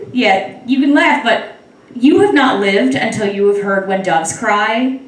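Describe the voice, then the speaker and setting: A woman's voice: fairly high pitch, lively intonation, slow, far from the mic. A young woman performing a stand-up comedy set, talking wryly and teasing the crowd. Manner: wry, conversational, crowd-teasing. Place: club stage with live audience. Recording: echoey room, mic heard from afar.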